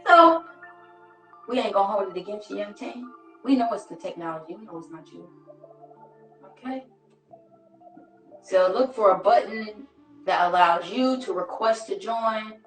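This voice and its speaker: A woman's voice: mid-range voice, moderate pace, pauses often. Woman, live stream host, slangy and playful, echoey room, faint music behind. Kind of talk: casual live stream chat. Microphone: phone.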